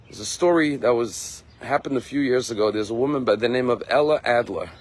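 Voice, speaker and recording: A rabbi with a medium-pitched voice gives a sermon and tells a story earnestly. To stress key words, he slows down and lifts his voice.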